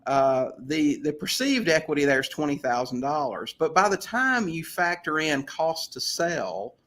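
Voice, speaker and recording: A man being interviewed as a real estate investor, telling anecdotes in a casual, lively way. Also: a little high, unhurried. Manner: chatty, animated anecdote-teller with frequent restarts. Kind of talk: casual storytelling in a podcast interview.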